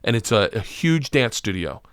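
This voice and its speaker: A man, a comedian guest on a podcast, telling a rambling comic story full of swearing and rising excitement, close to a studio mic. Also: lowish voice, normal speed, clean tone, dry recording. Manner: rambling, profane, gets loud and excited.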